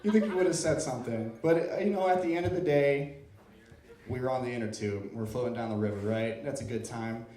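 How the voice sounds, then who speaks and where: A man's voice: medium pitch, a little fast, warm tone, reverberant, recorded from a distance. A man from Iowa doing an open-mic stand-up set in a comedy club, playful and self-deprecating as he works the crowd.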